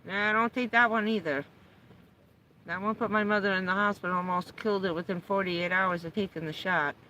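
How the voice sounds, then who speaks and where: A woman's voice: mid-range voice, fairly even intonation, a little fast, sharp tone, a little hiss or hum, rough recording. A middle-aged woman chatting casually on a live stream, talking to her dog in a coaxing raised voice and telling stories. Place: parked vehicle on a rainy day.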